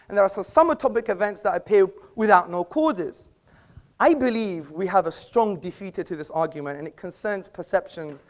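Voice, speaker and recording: A man making an assertive speech in a live public debate in an auditorium, quipping at the audience and quoting from books. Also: extremely high pitch. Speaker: debate speaker.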